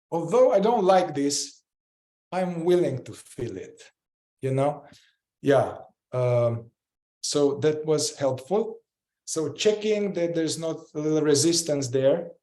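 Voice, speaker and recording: A man's voice: fairly high pitch, dark tone, echoey room. A man teaching a group in a casual, reflective way, often repeating short phrases as he demonstrates a practice. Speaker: group facilitator.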